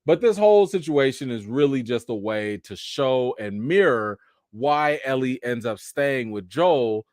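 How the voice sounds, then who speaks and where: Animated man chatting casually. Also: medium pitch, a little slow, no echo, clean studio sound. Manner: animated, joking, loose slangy talk. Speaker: TV show reaction host. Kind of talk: casual live-stream chat.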